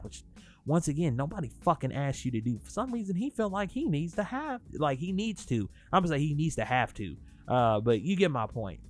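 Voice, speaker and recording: A young man talking casually in a music review vlog, animated and profane as he rants. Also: a little high. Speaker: album reviewer.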